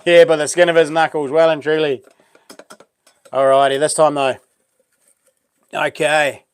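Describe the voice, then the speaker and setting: A man's voice: fairly high pitch, flat delivery, measured pace, smooth. A man with a New Zealand accent hosting a casual live stream, chatting in a laid-back, rambling way with plenty of ums.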